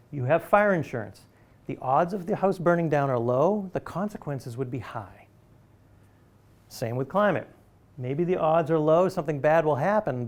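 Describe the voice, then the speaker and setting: Male lecturer, conversational and emphatic, slightly raised pitch, persuading a live audience. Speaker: university lecturer.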